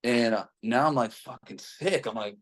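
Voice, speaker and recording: A man's voice: mid-range voice, moderate pace. A young man casually telling a personal story, rambling with frequent fillers and heavy swearing.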